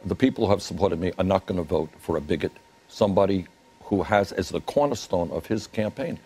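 A man's voice: low voice, a little fast, a little mellow, husky. An older man, a politician, answering in a TV interview with emphatic insistence.

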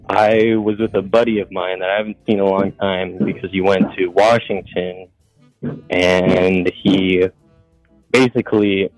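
A man on a call-in show telling a long, swearing, meandering story and acting out each exchange. He speaks in a lowish voice with a dry, close sound and faint music behind. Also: darkish tone, no room sound, poor audio. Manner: profane, rambling, quotes others. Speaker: caller. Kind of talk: casual storytelling.

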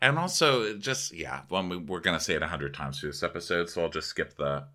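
A male podcast co-host riffing in a loose, profane, exasperated way. His voice is on the low side but very bright and edgy, and it swings widely in pitch as he mocks and vents. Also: lively intonation, fairly quick. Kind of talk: casual recap chat.

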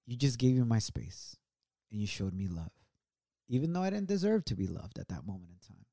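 Man, podcast co-host, mellow earnest storyteller, reflective. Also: very animated, a little fast. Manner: earnest, reflective, swings from low and quiet to raised. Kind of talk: personal storytelling on a couple's podcast.

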